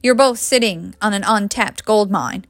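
A woman reading the lines of a brisk, pushy young woman who teases and presses. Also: mid-range voice, dry recording, natural voice. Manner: teasing, pressing.

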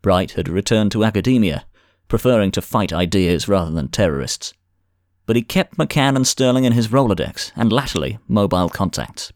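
A man reads a thriller audiobook in a measured, dramatic way. His voice sits low, and the studio sound is dry and close. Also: expressive, dry recording. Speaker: narrator. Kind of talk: scripted audiobook narration.

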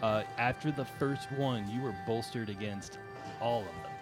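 A man's voice: on the low side, expressive, normal speed, music in the background. A man playing a tabletop game, dryly reading out rules and his dice rolls. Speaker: player. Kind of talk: casual tabletop play.

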